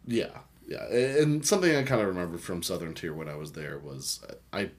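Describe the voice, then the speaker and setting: A man's voice: deep voice, lively intonation, brisk. A man co-hosting a casual beer review podcast, rambling, joking and reading can labels aloud. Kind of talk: casual chat.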